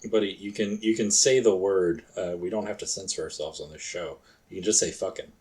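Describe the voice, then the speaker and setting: A man's voice: deep voice, fairly even intonation, fairly quick, darkish tone. A man co-hosting a podcast in casual chat, crude and joking, swearing freely. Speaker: podcast co-host and storyteller.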